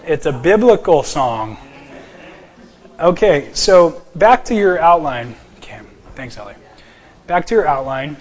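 A man teaching an apologetics class from slides, joking and slowing down to stress key words. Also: on the high side, sing-song, husky, muffled recording.

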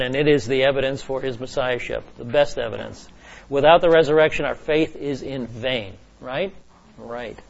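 A middle-aged man teaching a class in a conversational way, often restarting sentences and checking in with his listeners. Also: fairly high pitch. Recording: slightly dull lo-fi recording.

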